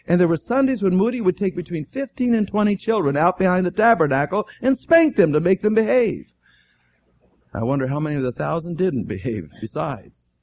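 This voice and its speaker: A man preaching a sermon as an animated storyteller, acting out the dialogue with fervent exclamations. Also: sits high.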